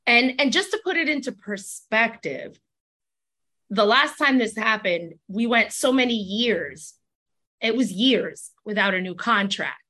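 A woman's voice: on the high side, animated, a little slow, pushed and bright. Chatty woman podcast co-host. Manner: chatty, laughs often, explains at length. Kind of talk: casual chat.

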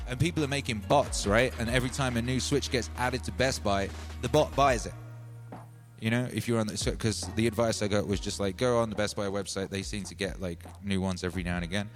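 A man hosting a livestream, telling a rambling comic story in an animated, slangy way and often calling listeners "baby". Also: lowish voice, brisk, soft background music. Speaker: livestream music host.

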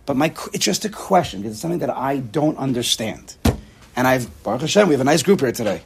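A man leading an informal Torah class, talking in a rhetorical, animated way and using Hebrew and Yiddish terms. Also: mid-range voice, fast talker, gravelly, noisy background.

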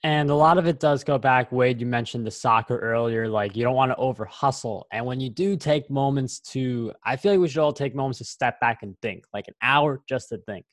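A man's voice: medium pitch, brisk, few pauses, no echo, studio quality. A man hosting a podcast, responding thoughtfully in a casual interview.

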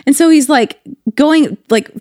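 A woman co-hosting a podcast in casual chat, telling a story with lively quoted voices. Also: sits high, a little slow, dry recording, studio quality. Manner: animated storyteller, quotes people in their voices. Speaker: podcast co-host.

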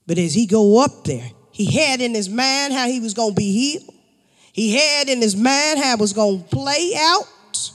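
High-pitched male preacher, repetitive and rousing, recorded in a reverberant hall. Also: lively intonation, moderate pace. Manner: repetitive call-and-response preaching, rising to shouts. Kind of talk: sermon.

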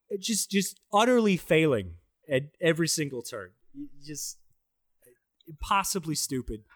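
On a casual podcast, a man tears into a bad movie with profane, sarcastic jokes and mocking impressions. His slightly high voice is very animated at a measured pace, and the studio recording is clean and dry.

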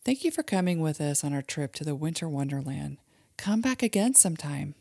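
A woman, a mother hosting a children's show, leads a guided imagery exercise in a gentle, soothing manner and sometimes drops to a soft whisper. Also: low-pitched, very animated, a little fast, creaky, husky, no room sound, clean studio sound. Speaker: host and mother leading guided relaxation for kids.

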